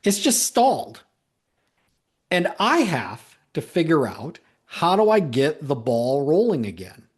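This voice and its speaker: A man's voice: on the high side, sing-song, unhurried, few pauses, slightly rough. A man coaching salespeople in a solo talk, emphatic and repeating key points for stress, with the odd joking aside.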